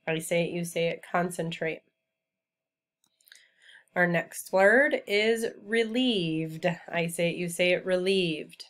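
A woman teacher giving a remote vocabulary lesson to children, speaking clearly and patiently and repeating each word for students to say back. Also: fairly low pitch, slow pace, a bit bright.

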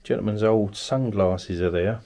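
A paranormal investigator from Kent, England, narrates a night-time ghost hunt in an abandoned cottage. His voice is fairly low and mellow with vocal fry, his pace measured, as he calls out politely to spirits and coaxes them to answer.

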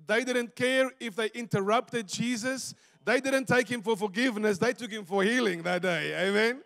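A man from South Africa preaching a sermon and telling stories, swinging between loud bursts and hushed, quiet passages. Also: high voice, moderate pace, vocal fry. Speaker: pastor. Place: church sanctuary. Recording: church hall reverb.

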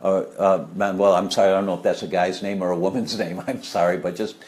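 A man's voice: low voice, fairly even intonation, quick pace, a little mellow. A middle-aged man talking casually and live about health, rambling with many fillers and asides while answering viewer questions.

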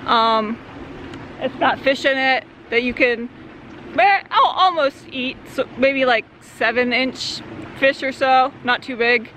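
A woman's voice: sits high, slow pace, pushed and bright, slight background noise. A young woman from Central Arizona, talking casually in a rambling vlog by a creek swimming hole, with many fillers. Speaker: vlogger. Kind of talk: casual outdoor vlog talk.

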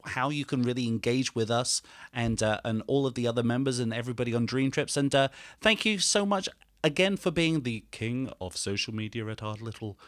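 A man's voice: medium pitch, expressive, a bit bright, no room sound, studio quality. A man co-hosting a podcast, chatting in a friendly, upbeat way with his guests. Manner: upbeat, chatty, quick to agree. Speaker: podcast co-host. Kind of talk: casual podcast chat.

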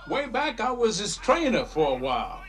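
A man's voice: sits high, big pitch swings, normal speed, a bit bright. An actor playing a weary male wrestling trainer who speaks in a somber, reflective way.

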